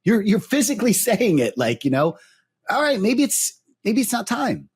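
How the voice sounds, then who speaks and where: A man's voice: high voice, very animated, moderate pace, husky. A man co-hosting a casual podcast, talking in an earnest, reflective way. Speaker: podcast co-host.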